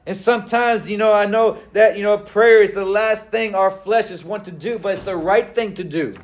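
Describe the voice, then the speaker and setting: High-voiced man preaching a sermon. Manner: conversational preaching with frequent fillers and pauses. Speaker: pastor.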